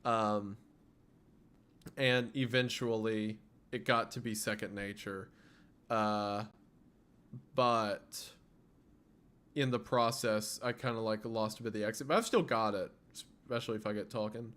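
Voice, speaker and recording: A man's voice: fairly low pitch, fairly even intonation, measured pace, pauses often, fairly bright tone. A man with a faint Southern US accent chatting casually on a livestream, rambling with small restarts. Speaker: streamer.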